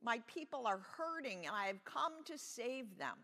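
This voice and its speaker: Woman voicing god from a children's bible story, booming, commanding, raised pitch, long church echo. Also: sing-song, moderate pace, sharp tone, full character voice.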